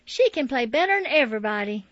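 A woman's voice: fairly high pitch, sing-song, brisk, a bit bright, no room sound. A woman voicing a spirited, stubborn nine-year-old girl with a pleading, childish manner in a storybook reading. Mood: boastful. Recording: dull, dry lo-fi audio.

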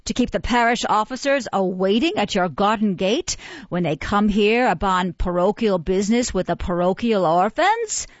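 A woman's voice: mid-range voice, expressive, moderate pace, dry recording, muffled recording, close to an everyday voice. A woman doing a pompous old-fashioned beadle. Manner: pompous, oratorical, lordly. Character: pompous self-important middle-aged male parish beadle. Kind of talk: audiobook character reading.

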